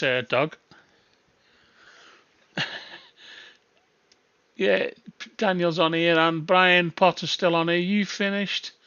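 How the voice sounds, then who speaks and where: A man's voice: fairly high pitch, bright, forceful tone, no room sound, dull audio. A man hosting a live stream, chatting casually, laughing and swearing with his callers. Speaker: livestream host.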